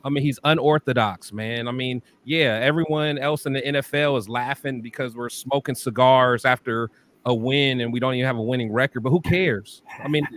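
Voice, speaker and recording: A man's voice: medium pitch, steady tone, brisk, a bit bright. A man with a mid-range voice talks eagerly as a co-host. He leans on "like" and "I mean" as he speaks. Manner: enthusiastic fan talk, filler "like" and "I mean". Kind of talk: casual chat.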